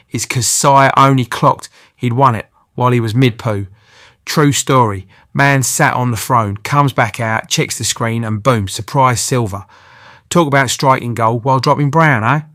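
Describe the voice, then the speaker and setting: Male host, cheeky slangy voice-over, mid pitch, dry close sound. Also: fairly bright tone, no room sound. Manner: cheeky banter with British slang. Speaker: channel host. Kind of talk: scripted comic voice-over narration.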